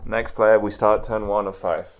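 Gravelly, low male co-host, teasing and crude. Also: fairly even intonation, moderate pace, slight background noise. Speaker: podcast co-host. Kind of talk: casual chat.

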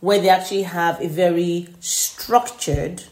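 Articulate woman podcast co-host, low voice. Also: fairly even intonation, measured pace, a little mellow. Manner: articulate, builds points in lists. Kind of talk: casual chat. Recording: roomy echo.

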